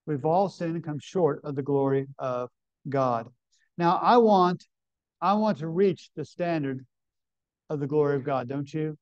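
A man preaches in a fairly high voice, emphatic as he reads scripture aloud. He keeps putting questions to the congregation. The recording is dry and dull, with a lo-fi sound. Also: measured pace, no room sound. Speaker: pastor. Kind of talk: sermon. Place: camp meeting.

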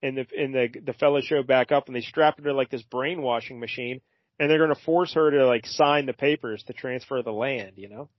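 A man chats through a comic story in a rambling, unhurried way, tossing in fillers as he goes. His voice sits in a middle pitch. The sound is dry and a little muffled. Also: no echo. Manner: rambling, hesitant, with brief character voices. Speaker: podcast co-host. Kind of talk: casual comic book discussion.

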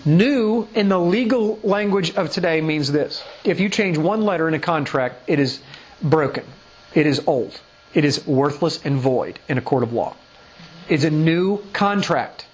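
A man's voice: a little high, animated, measured pace, husky, highs cut off. A male pastor giving a sermon, pressing his point with rhetorical questions and reading scripture aloud. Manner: emphatic, full of rhetorical questions. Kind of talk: sermon teaching.

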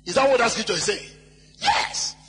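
A male pastor preaching a sermon, reading scripture slowly and shouting key phrases, at times mimicking wailing worshippers in a sing-song cry. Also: very high-pitched, wildly swooping pitch, breathy edge. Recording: live hall with long reverb and faint music.

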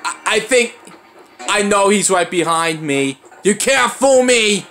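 A young man giving let's play commentary, excitable and often breaking into panicked high shouts. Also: slow pace. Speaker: gaming channel host.

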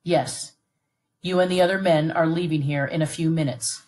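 A woman reading aloud who voices a stern, composed middle-aged army colonel in a calm, formal, measured way. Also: low-pitched, natural voice. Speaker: read-aloud narrator voicing a character.

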